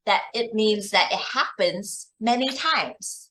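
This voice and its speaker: A woman English teacher tutors a young child one-on-one, asking slow, patient and deliberate questions in a mid-range, slightly bright voice.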